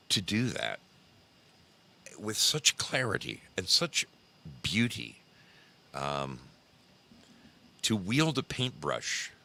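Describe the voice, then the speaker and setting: Gravelly deep-voiced man ranting. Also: sharp tone. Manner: heated, profane, rambling with restarts. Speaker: show host. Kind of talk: casual commentary on screen images.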